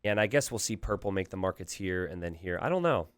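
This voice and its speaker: A man casts a live strategy game from his home streaming setup, talking through each play as it unfolds. His pitch swings widely and he breaks off for quick asides to his chat. The close desk mic keeps the sound dry and free of room echo. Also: clean tone. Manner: animated, thinking aloud, quick asides to chat. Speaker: game caster.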